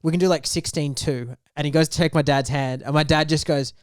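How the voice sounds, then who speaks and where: A young man rattles off a story at a quick clip, his voice sitting a little high for a man. He acts out every quoted line as he goes. The sound is dry and close, with no room around it. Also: steady tone, clean tone, no room sound. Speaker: podcast co-host. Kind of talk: casual storytelling chat.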